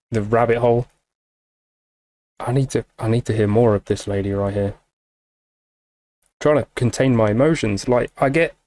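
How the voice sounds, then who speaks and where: A man's voice: medium pitch, a little mellow. Gushing, emotional man reacting. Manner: emotional, gushing, swears freely, many fillers. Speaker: music reaction channel host. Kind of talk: casual reaction commentary.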